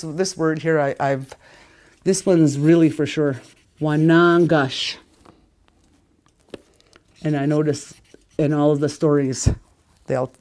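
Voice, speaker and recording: A woman from Canada leads a relaxed spoken language lesson in a slightly low voice. She repeats each word slowly for her learners. She leans hard on the stressed syllables as she says them. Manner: animated, stresses words strongly when saying them. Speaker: language teacher.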